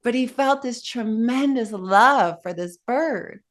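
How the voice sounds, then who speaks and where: A woman meditation teacher telling a Buddhist tale in a dharma talk, in an animated way with asides to her listeners. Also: on the high side, takes it slowly.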